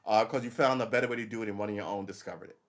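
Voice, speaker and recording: Rambling, profane middle-aged man. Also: lowish voice. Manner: rambling and profane, acts out quick imagined dialogue. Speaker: live stream host. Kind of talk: casual live commentary, reacting to a news article.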